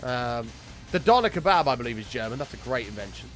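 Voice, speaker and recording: Excitable guy streaming a game. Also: medium pitch, quick pace, soft background music. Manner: excitable, swears, chats with viewers by name. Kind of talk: casual live-stream chat.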